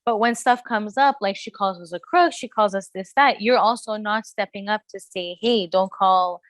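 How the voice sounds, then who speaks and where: A young woman co-hosts a gossip podcast, giving her views in a relaxed, easygoing way. Her voice is medium-pitched. The recording is dry and close. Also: normal speed, no room sound. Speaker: podcast co-host. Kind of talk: casual pop culture recap chat.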